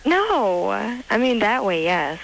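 A woman's voice: medium pitch, very animated, slow. Hesitant teenage girl caller on a phone line. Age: teens. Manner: hesitant, giggly. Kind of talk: phone-in conversation.

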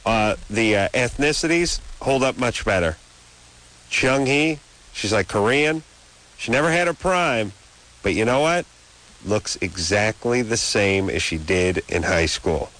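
Man, 30s, radio call-in host, lowish voice, long rambling rants, studio mic. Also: animated, unhurried, a bit bright, poor audio. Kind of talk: late-night radio call-in talk. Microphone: studio microphone.

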